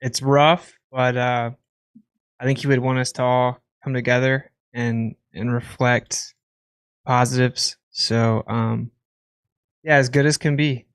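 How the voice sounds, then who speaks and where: A man speaks as a guest in a quiet, reflective way. His voice is smooth and even, with little rise and fall. The sound is dry and close. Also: medium pitch, slow pace, dry recording.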